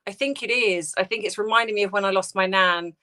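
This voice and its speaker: A woman hosting a live stream, grieving and close to tears, talking haltingly and greeting viewers by name. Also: mid-range voice, sharp tone. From United Kingdom. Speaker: livestream host. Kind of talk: emotional casual livestream chat.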